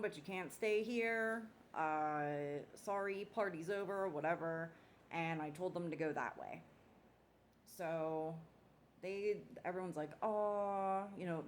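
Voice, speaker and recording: A woman's voice: low voice, a little hiss or hum. A woman telling a story in a loose, rambling way, swearing casually as she goes. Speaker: storyteller recounting a dream.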